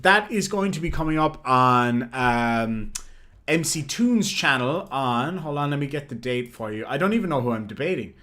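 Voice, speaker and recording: A man hosting a casual livestream and reading viewer messages aloud, playfully combative and quick to swear. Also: mid-range voice, a bit bright. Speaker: livestream host.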